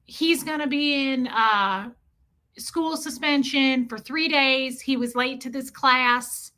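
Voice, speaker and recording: A woman impersonates a brusque small-town school principal with a thick, country-sounding drawl. Her lines are clipped and dismissive, and the voice sits a little high with a sharp, bright edge. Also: animated, normal speed. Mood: curt. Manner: blunt, clipped, eager to hang up.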